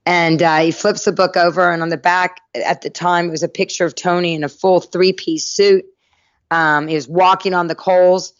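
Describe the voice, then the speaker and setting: Lively storytelling woman from North Carolina. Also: on the low side, normal speed, no room sound, lo-fi sound. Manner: lively anecdotal storyteller, acts out quoted voices. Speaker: podcast guest. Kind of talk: storytelling interview.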